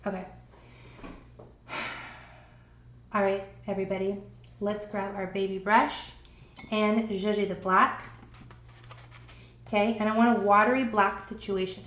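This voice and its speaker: A woman's voice: medium pitch, steady tone, normal speed, long pauses, fairly bright tone. A woman in her forties, chatty and encouraging, giving a live painting lesson. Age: 40s. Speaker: art instructor. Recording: roomy, dull sound.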